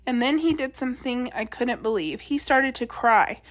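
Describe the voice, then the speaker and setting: A woman teacher reading a children's novel aloud in a steady, expressive storytelling voice. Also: fairly high pitch, normal speed.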